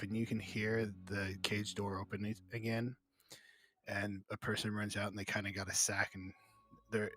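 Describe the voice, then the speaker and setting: Low-voiced man narrating as game master. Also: level tone, normal speed, a bit bright, soft background music. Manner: casual, descriptive, many fillers.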